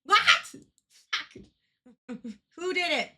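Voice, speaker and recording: A woman livestreamer giving excitable live gaming commentary, swearing a lot and laughing often. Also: high-pitched, a little slow.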